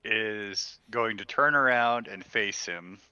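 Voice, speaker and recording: A man playing a tabletop game, calmly describing what his character does. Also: fairly low pitch, takes it slowly, smooth, no room sound. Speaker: player. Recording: dull, dry lo-fi mic.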